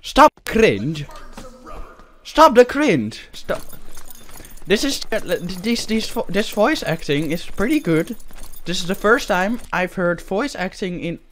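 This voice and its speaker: A man's voice: high-pitched, lively intonation, unhurried, fairly bright tone. A man giving playful gameplay commentary as a gaming YouTuber, full of silly, exaggerated trash talk and mock-serious jokes.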